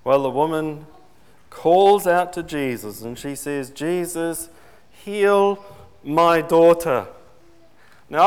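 A man preaching a sermon in a conversational way, putting questions to his congregation. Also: fairly high pitch. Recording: long reverb in a large hall.

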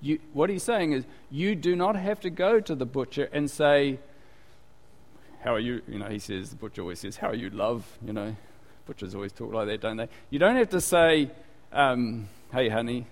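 A man's voice: mid-range voice, animated, moderate pace. A man preaching a sermon in a chatty, conversational way, full of asides and rhetorical questions. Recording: long hall reverb.

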